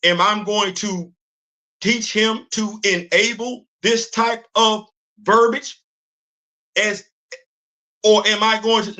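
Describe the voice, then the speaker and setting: Animated older man, high bright voice. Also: slow pace, long pauses. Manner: animated, repeats words when he starts a sentence. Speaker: host. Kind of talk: livestream commentary.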